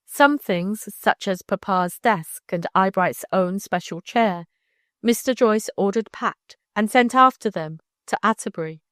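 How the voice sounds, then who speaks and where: Calm woman audiobook narrator. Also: medium pitch, no echo, studio quality. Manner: calm, measured reading.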